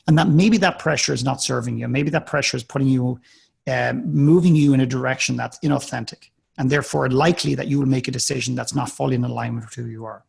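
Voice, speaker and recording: A man's voice: mid-range voice, gravelly, darkish tone, breathy edge. A man in a live coaching call, talking earnestly and directly, often restarting his words. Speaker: life coach.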